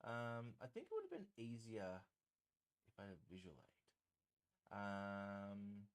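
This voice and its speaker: A man's voice: lowish voice, sing-song, slow, long pauses. A man hosting a live stream, chatting in a rambling, self-deprecating way while he paints.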